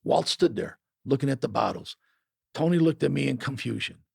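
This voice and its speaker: A man's voice: medium pitch, lively intonation, moderate pace, gravelly, a little mellow, slightly rough, no room sound, clean studio sound. A man narrating a first-person memoir in a gritty, matter-of-fact way.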